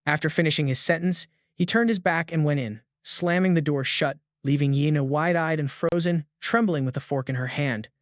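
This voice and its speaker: A man's voice: fairly high pitch, normal speed, few pauses, no echo. Man narrating a comic recap, dry sound.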